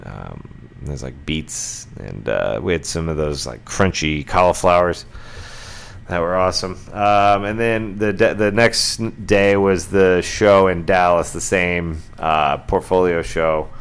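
A man's voice: low voice, measured pace, creaky, clear, resonant tone. A middle-aged man hosting a casual solo podcast, rambling along with lots of fillers and restarts. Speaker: podcast host.

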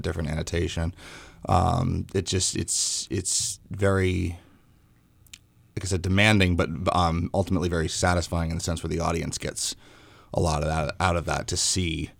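A man's voice: sits low, level tone, normal speed, gravelly, no room sound. A young man, a stage actor guest, talking casually in a radio interview, hesitant with many fillers and restarts.

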